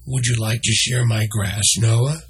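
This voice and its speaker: A man voicing a talkative, proud male camel who speaks in a slow, friendly way. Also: on the low side, steady tone, breathy edge.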